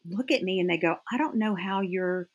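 Husky-voiced woman sharing earnest testimony. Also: lowish voice, fairly quick, highs cut off. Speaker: guest. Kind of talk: faith-based interview conversation.

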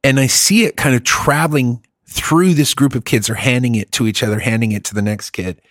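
A man's voice: medium pitch, fairly quick, no room sound, studio quality. A middle-aged man telling a long story in a casual chat, rambling, swearing and laughing often.

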